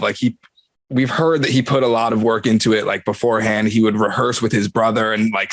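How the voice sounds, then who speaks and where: A man's voice: on the low side, dry recording. A man hosting a fan podcast, talking in an easygoing, rambling way with lots of restarts. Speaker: podcast host. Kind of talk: casual pop-culture review chat.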